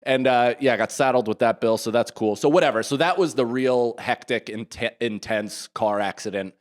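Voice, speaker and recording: Animated man in his thirties telling a story. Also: medium pitch, moderate pace. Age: 30s. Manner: animated storytelling, swearing, acting out quoted voices. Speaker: podcast co-host. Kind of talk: casual chat.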